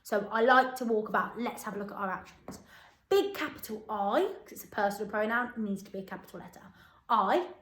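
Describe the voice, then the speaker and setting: A woman teaching a phonics lesson to young children in an upbeat, encouraging way, slowly spelling words out letter by letter. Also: medium pitch, expressive. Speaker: primary school teacher. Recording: echoey room.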